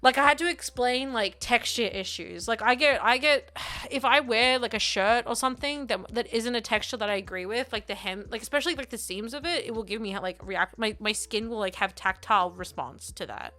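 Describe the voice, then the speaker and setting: A young adult woman streaming and chatting casually with her viewers, rambling and giggly, sometimes breaking into loud playful yelling. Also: on the high side, brisk, few pauses. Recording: faint music behind.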